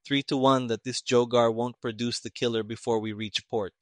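A brisk, cynical army major speaks in crisp, clipped phrases, as a male reader puts him on. The sound is dry, with no reverb. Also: medium pitch, flat delivery, natural voice.

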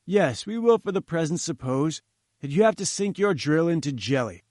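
A man voicing a domineering, irascible older male scientist who speaks in a curt, forceful, imperious way. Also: on the high side, lively intonation, moderate pace, no echo, studio quality, voice pushed up, close to an everyday voice. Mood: dismissive.

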